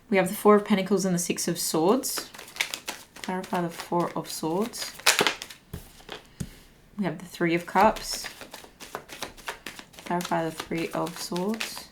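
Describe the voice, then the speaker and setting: There's background noise as a woman with a lowish voice gives an intuitive tarot reading. Breathless and a bit shaky, she searches for words and muses as each card turns.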